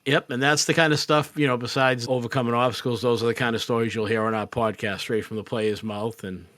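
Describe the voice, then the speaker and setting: A man telling an animated story as a podcast guest, quoting the people in it. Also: mid-range voice, brisk, no echo. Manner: animated, quotes people in his stories. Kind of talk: casual storytelling. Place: podcast recording.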